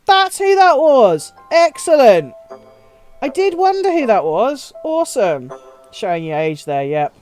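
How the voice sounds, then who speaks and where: Woman, game streamer, casual chat, swears and laughs, higher voice, very lively. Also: a little slow, soft background music. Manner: chatty, swears freely, laughs often, answers chat. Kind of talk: casual live-stream chat while playing.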